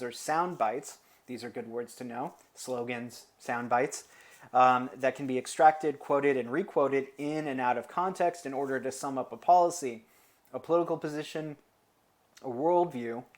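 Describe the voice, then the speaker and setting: An American man teaching an informal lecture, talking through his material in a loose, conversational way. He wanders into asides and leans on fillers while still pressing his points. His pitch sits in the middle of the male range. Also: a little mellow.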